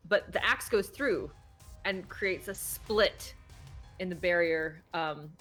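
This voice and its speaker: A woman narrating as game master of a tabletop role-playing game, halting and filling pauses with ums and restarts. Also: on the low side, a bit bright, soft background music. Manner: hesitant, many fillers and restarts.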